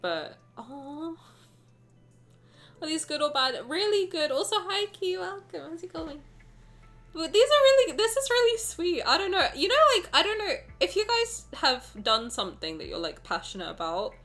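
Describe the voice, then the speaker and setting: Speaking at a normal speed in an extremely high-pitched voice, a young streamer chats casually and excitedly with viewers, full of exclamations and the odd swear word. She's emotional and near tears while faint music plays behind her.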